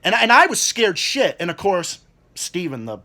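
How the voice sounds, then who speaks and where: Swearing young man ranting, high and lively. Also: moderate pace. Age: 20s. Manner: swears constantly, repeats words, mimics people in quotes. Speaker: vlogger. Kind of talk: angry rant.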